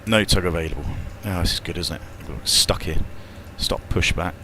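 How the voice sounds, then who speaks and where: Streaming a flight simulator, a British airline pilot with a British English accent banters over voice chat and reads checklists aloud, with mild swearing mixed in. His voice is low-pitched, bright, and forceful at a normal speed, with a little hiss or hum in the recording.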